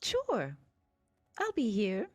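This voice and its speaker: A gentle spirit speaking from a rock in a tabletop game, soft and reassuring, slow and calm, as a woman voices it. Faint music plays behind it. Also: mid-range voice, no room sound, pitched above the performer's own voice, heavily acted.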